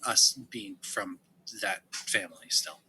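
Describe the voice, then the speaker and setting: A man taking part as a player in a tabletop game, talking in a hesitant, halting way. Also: low voice, sharp tone, husky, rough recording. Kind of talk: casual tabletop play.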